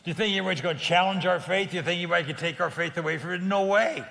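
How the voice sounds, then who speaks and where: An older man, a guest on a faith talk show, telling a personal testimony in a lively, emphatic way, often laughing. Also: sits high, very fast, creaky. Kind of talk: animated storytelling testimony. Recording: long reverb.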